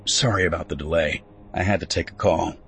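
A man's voice: low voice, brisk, creaky, fairly bright tone, a little hiss or hum, voice pushed down. A man doing an earnest young settler. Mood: apologetic. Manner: earnest and pleading. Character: earnest young male settler, awkward and persuasive.

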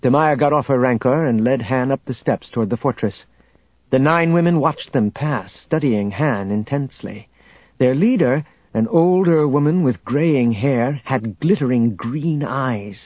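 A man narrating an adventure audiobook in a steady, measured storytelling manner, on a dull lo-fi recording. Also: mid-range voice, slightly rough, no echo. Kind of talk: scripted narration.

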